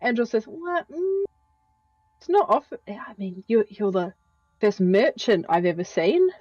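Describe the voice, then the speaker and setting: A woman playing a tabletop game, haltingly voicing her character as she haggles. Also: mid-range voice, sing-song, darkish tone, dry recording, muffled recording. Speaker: player.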